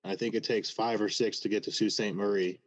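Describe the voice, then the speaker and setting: A man calling into a podcast, speaking haltingly with many fillers in casual chat over a video call. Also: on the low side, fairly even intonation, slightly rough. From Michigan. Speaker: caller. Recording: muffled call audio.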